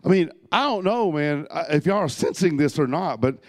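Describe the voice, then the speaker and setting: A man preaching a sermon to his congregation, swinging from loud urging to soft, hushed storytelling. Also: fairly high pitch, animated, normal speed, no echo. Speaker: pastor. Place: church hall with a congregation.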